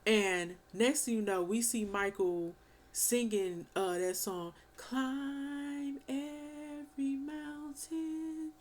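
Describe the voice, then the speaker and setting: Woman reviewer, casual and animated, loose slangy storytelling. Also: medium pitch, takes it slowly. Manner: animated, slangy, swears and laughs. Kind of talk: casual film review chat.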